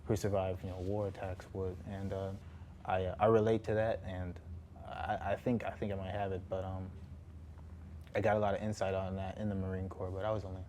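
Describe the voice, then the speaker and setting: A young man around twenty talks as a guest on a studio talk show, halting and full of fillers. His voice sits very low, flat and dark, with a faint hum of room ambience behind him. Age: about 20. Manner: hesitant, halting, many fillers and restarts. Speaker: guest, former Marine.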